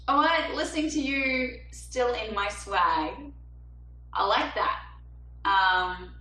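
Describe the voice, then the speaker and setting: A bright, forward-voiced woman chats in a bubbly way on a home livestream. She sits some way from the mic, so the room rings around her. A faint hum lies under everything. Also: lowish voice, echoey room, distant mic, low-quality recording. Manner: bubbly, chatty, reads viewer comments aloud. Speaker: singer-songwriter hosting a livestream. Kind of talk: casual livestream chat. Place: small apartment at home.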